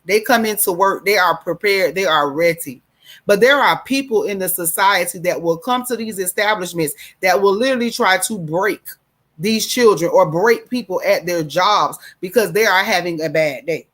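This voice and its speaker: A woman's voice: fairly low pitch, normal speed, fairly bright tone. A middle-aged woman hosting a talk show, giving an emphatic, preachy monologue and calling listeners baby. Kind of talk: casual monologue.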